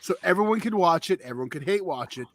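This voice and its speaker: A man's voice: high voice, lively intonation, fast talker, a bit bright, no room sound. A man hosting a review podcast in a wry, casual way, steering the talk along. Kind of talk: casual banter.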